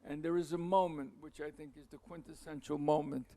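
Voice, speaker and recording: A man giving a masterclass, telling a long anecdote in a rambling, halting way, with asides to the audience. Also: a little high, little pitch movement, mellow. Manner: halting, many restarts and fillers. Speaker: masterclass speaker.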